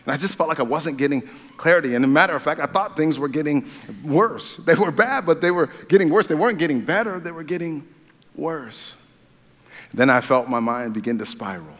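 Conversational preacher in a reverberant hall. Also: male voice, fairly high pitch, fairly quick. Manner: conversational preaching with restarts, rising animated for dramatic retellings. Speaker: pastor. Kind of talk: sermon.

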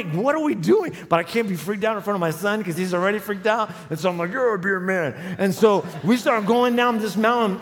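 A man in his forties preaching a sermon, telling a humorous personal story and building to loud, emphatic runs. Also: sits high. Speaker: pastor. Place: large church hall with live audience. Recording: long hall reverb.

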